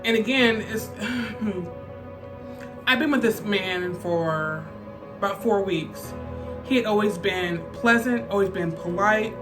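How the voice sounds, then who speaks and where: A vlogger with a medium-pitched voice tells a personal story slowly and casually, chatting with plenty of fillers. Faint music plays in the background.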